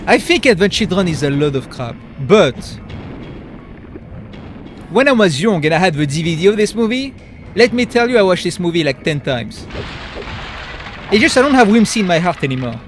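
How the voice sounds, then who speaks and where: Animated male streamer. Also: high voice, moderate pace, pauses often. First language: French. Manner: offhand, self-mocking. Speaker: game streamer. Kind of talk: casual live-stream commentary. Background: game music.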